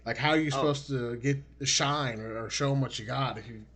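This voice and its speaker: A man's voice: medium pitch, brisk, fairly bright tone. Man asking long winding questions. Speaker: podcast host. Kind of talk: casual interview.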